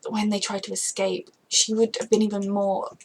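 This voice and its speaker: A woman's voice: medium pitch, flat delivery, normal speed, husky, rough recording. A woman talking casually in a reaction vlog, rambling and emotional, often breaking off mid-thought. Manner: rambling, emotional, self-interrupting. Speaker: TV show reactor.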